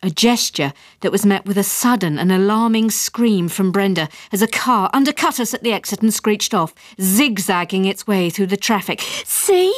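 A woman's voice: mid-range voice, moderate pace, few pauses, no echo. A woman narrating a comic memoir-style story in a wry, dry storytelling manner.

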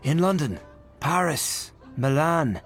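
A man's voice: lowish voice, very animated, a little fast, soft background music. A man voicing a polite, offhand young male tenor with a cool, slightly raised voice in a storybook reading. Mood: assured.

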